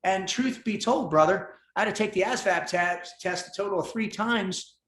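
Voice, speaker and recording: Animated man telling his story. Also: high voice, moderate pace. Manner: intense, animated, swears freely. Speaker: podcast guest. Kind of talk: storytelling in casual conversation. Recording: roomy echo.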